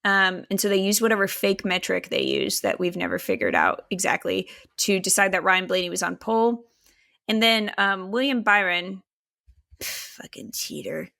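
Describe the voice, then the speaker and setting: A woman's voice: mid-range voice, animated, moderate pace, vocal fry, pushed and bright. A woman co-hosting a podcast in casual chat, swearing freely, laughing often and steering the questions. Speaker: podcast co-host.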